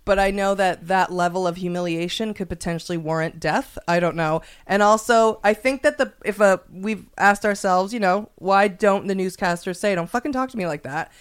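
A woman's voice: medium pitch, fairly even intonation, moderate pace, hardly any pauses, clean tone. A woman comedian delivering a profane, furious, escalating rant, then talking candidly and ramblingly about it. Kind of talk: comedic ranting monologue.

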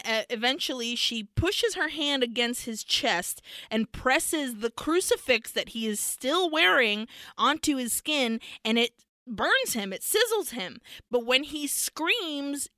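A woman's voice: a little high, expressive, measured pace, sharp tone, dry recording. A woman co-hosting a podcast, retelling a film's plot in casual chat, swearing freely and laughing as she goes. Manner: swears often and laughs while telling the plot. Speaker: podcast co-host. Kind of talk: casual film recap chat.

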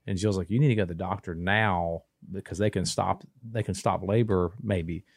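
A man, telling a long story in casual podcast chat, rambling and restarting, animated when he quotes people. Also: low voice, moderate pace, dry recording. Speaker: podcast co-host.

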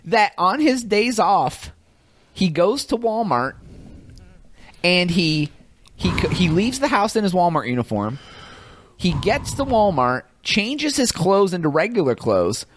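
A man's voice: high-pitched, very animated, a little slow, a little hiss or hum. A man co-hosting a casual comedy podcast, telling a story loosely with frequent laughs and restarts. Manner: laughs often, tells stories loosely with restarts. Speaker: podcast co-host. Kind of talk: casual chat.

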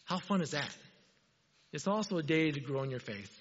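A man's voice: on the high side, expressive, moderate pace, slight background noise. A man preaching a conversational sermon in a church sanctuary, putting questions to the congregation and joking along the way. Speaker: pastor. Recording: dull, reverberant church hall.

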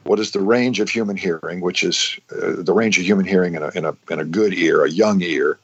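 A man's voice: low voice, a little fast, husky, dull audio. A man explaining science in casual podcast chat, with frequent restarts and fillers.

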